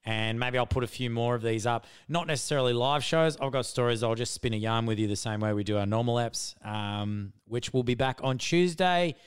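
An Australian man hosting a podcast, talking casually to listeners in a relaxed, halting way with many fillers. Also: mid-range voice, smooth. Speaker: podcast host.

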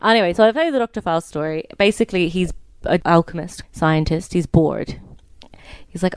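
A woman's voice: fairly low pitch, fairly quick, clean tone, no room sound. A young woman in her twenties co-hosting a casual podcast, telling a story in a chatty way with lots of fillers. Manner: chatty, many fillers, laughs easily. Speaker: podcast co-host.

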